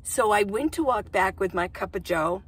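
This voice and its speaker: A woman's voice: mid-range voice, lively intonation, moderate pace, breathy edge. A woman in her sixties, a van-life vlogger, casually telling a story to camera in a chatty, rambling way, acting out what people said. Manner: chatty, rambling, acts out quoted dialogue.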